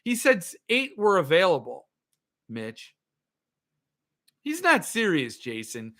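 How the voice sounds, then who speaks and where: A man's voice: high voice, wildly swooping pitch, slow, pauses often, sharp tone. A man hosting a livestream, ranting sarcastically and answering viewer comments in casual chat. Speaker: podcast host.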